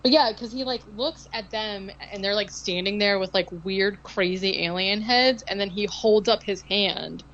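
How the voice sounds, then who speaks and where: A woman's voice: mid-range voice, normal speed, hardly any pauses, a bit bright, dull audio, a little hiss or hum. A woman co-hosting a podcast, recapping a film in casual chat, rambling with lots of "like" and sarcastic asides. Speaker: podcast co-host.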